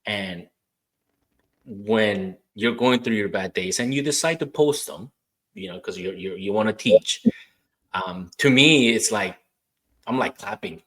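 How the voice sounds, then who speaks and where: A man's voice: fairly low pitch, unhurried, pauses often, fairly bright tone. A man hosting a podcast interview, chatting casually and telling stories from his years as a rehab therapist, acting out the dialogue as he goes. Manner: storytelling, acting out quoted dialogue. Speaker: podcast host.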